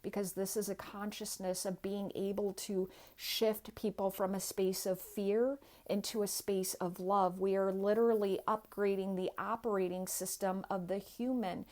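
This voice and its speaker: A woman's voice: mid-range voice, a little mellow. A woman giving an earnest, inspirational personal talk as a guest, speaking straight to the viewers.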